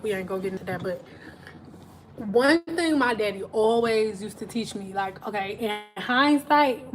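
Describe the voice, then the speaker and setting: A woman's voice: a little high, a little hiss or hum. A woman hairstylist telling stories in a chatty, slangy way on a casual live stream from home. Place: at home, TV in another room.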